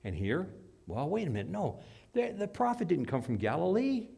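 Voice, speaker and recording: Male preacher, emphatic and dramatic, lively pitch that sits a little high. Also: moderate pace, gravelly, breathy edge. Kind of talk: sermon.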